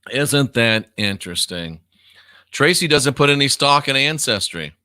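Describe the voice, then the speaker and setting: A man in his fifties runs a casual live stream, reading out viewer comments with blunt, profane remarks. His voice is bright and forceful, with a crisp, clear tone. The sound is dry, with no room echo. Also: medium pitch, lively intonation, unhurried. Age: 50s. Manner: blunt and profane, reads comments aloud and laughs often.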